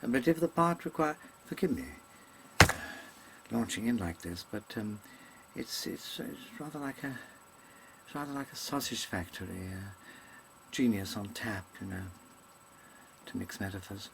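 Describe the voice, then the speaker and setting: A man's gravelly, fairly low voice has lively intonation and an unhurried pace with long pauses, plus a little hiss or hum. Acting out a comic monologue for a webcam, he digresses and hesitates often, with ums and self-corrections voiced in mannered stage diction.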